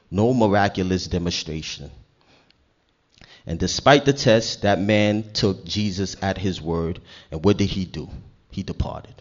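A man preaching a sermon, talking casually with his listeners and rising to loud, emphatic readings of scripture. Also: low voice, lively intonation, measured pace, muffled recording.

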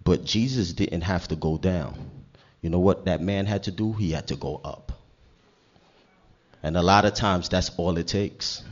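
Male preacher, low voice, conversational sermon that swells into forceful scripture reading, slightly dull recording.

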